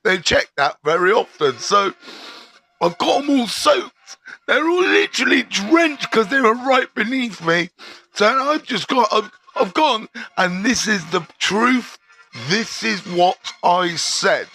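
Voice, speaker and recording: A middle-aged man spins a prison tale live to his viewers, swearing freely and dropping street slang. His voice sits high for a man and comes across bright and sharp. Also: lively intonation, slow, gravelly, faint music behind. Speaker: live-stream host. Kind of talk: storytelling on a live stream.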